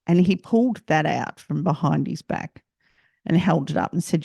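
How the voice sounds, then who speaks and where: Australian woman, podcast host, personal story, halting reflective delivery, gravelly voice, dry close sound. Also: low-pitched, lively intonation, warm tone, no room sound. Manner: reflective, halting, repeats phrases.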